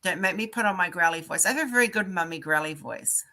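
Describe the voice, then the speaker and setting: A woman's voice: fairly low pitch, expressive, fast talker, pushed and bright. A woman hosting a casual livestream chat, greeting viewers by name and telling stories. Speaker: livestream host.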